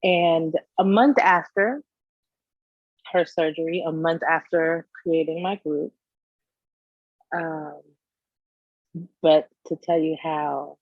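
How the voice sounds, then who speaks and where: A woman guest in an interview, telling a personal story in a candid, animated way and acting out the scenes. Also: deep voice, slow, long pauses, no room sound, phone-quality sound. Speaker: business owner guest.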